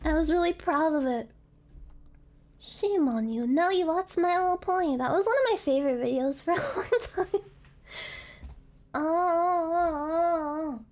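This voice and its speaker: Woman streamer, squeaky-high voice, unhurried, giggly and rambling, hiccuping. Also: darkish tone. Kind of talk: casual live stream chat.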